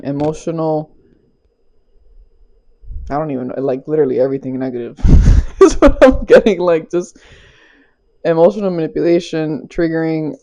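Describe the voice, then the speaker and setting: This young woman's voice is deep and mellow as she does a casual spiritual tarot reading on a small clip-on mic. Her manner is loose and chatty, full of laughter and casual swearing.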